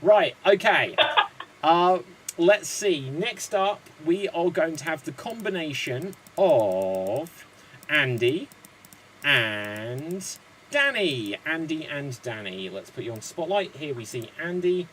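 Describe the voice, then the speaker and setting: A man's voice: fairly high pitch, big pitch swings, slow, fairly bright tone, slight background noise, low-quality recording. A man hosting an online improv comedy show, chatty and rambling.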